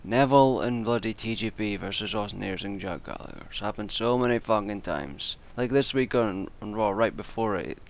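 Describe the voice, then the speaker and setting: Gravelly man ranting casually. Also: fairly low pitch, a little fast, hardly any pauses. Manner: exasperated, swears freely, rambling with restarts. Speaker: wrestling commentator and vlogger.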